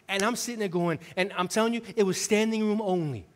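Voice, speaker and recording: A man preaching a sermon as associate pastor, telling a story in a lively, conversational way and swinging between loud preaching and quiet, intimate moments. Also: high voice, quick pace, few pauses. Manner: animated storytelling, conversational with the congregation. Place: church sanctuary.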